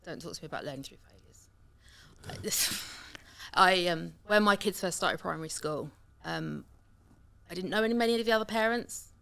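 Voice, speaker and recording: A woman in casual podcast chat, animated and opinionated, talking about her kids and schools. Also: fairly low pitch, moderate pace, gravelly.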